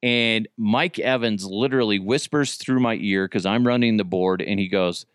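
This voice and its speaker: A man in his thirties tells old radio stories, rambling and swearing freely. He jumps in pitch when he gets excited and keeps restarting his sentences. His voice sounds close and dry. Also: normal speed, clean tone, no room sound. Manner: rambling, profane, animated, self-correcting. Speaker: podcast host, former radio producer. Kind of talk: casual storytelling.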